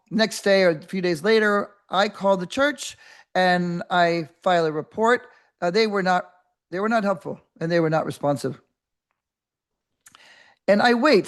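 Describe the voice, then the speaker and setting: An older woman hosting a podcast, telling a story in a rambling, animated way with many restarts and acted-out voices. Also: medium pitch. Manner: animated, acts out quoted voices. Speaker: podcast host. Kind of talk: casual storytelling monologue.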